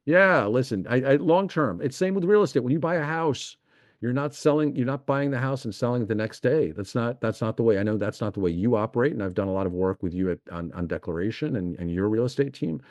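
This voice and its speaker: A man's voice: medium pitch, fast talker, darkish tone, no echo. A middle-aged man, an investment executive talking as a podcast guest, explaining eagerly and piling up examples. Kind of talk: podcast interview.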